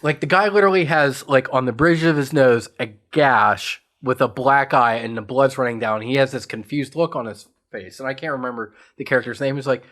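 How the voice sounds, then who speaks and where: A man from western Pennsylvania co-hosts a casual podcast chat and eagerly recaps a movie. He rambles along with plenty of "like" fillers, and his voice sits in an ordinary middle pitch. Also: normal speed, hardly any pauses, fairly bright tone. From Pittsburgh area, USA. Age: adult parent. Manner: enthusiastic rambling storyteller with many "like" fillers. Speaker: podcast co-host.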